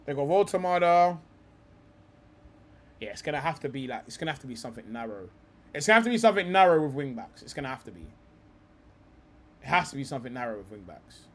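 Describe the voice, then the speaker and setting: A man's voice: mid-range voice, sing-song, fast, long pauses. A young man hosting a live stream, talking football in a rambling, heated way, swearing often and calling people bro.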